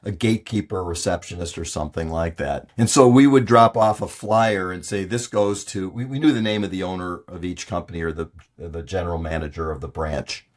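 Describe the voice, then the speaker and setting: A man in his sixties, a guest on an interview podcast, telling stories in an animated way. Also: deep voice, brisk, hardly any pauses. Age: 60s. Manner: animated storyteller acting out quotes. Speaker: podcast guest, real estate investor. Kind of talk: casual interview storytelling.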